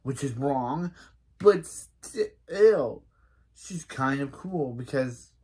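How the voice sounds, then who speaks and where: A man's voice: medium pitch, lively intonation, drawn-out words, a little mellow, breathy edge. A man giving casual reaction commentary as a show reviewer, recapping scenes in a chatty way, reading lines aloud and getting indignant.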